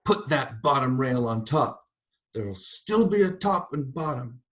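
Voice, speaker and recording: Indignant middle-aged farm woman, read aloud by a man, raised high and loud, railing at heaven. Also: a little slow. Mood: furious. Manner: railing, shouting at the sky.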